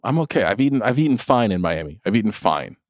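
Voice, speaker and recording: A middle-aged man co-hosts a podcast in casual chat, talking fast in a lowish, sing-song voice. He laughs often, swears, and stammers through restarts. The studio-quality recording has no echo.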